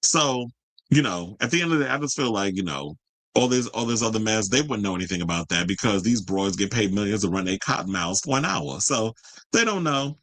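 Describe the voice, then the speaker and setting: A man's voice: on the low side, animated, a little fast, a bit bright, no room sound, low-quality recording. A man hosting a live-stream commentary show, ranting profanely and arguing straight with his viewers. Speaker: host.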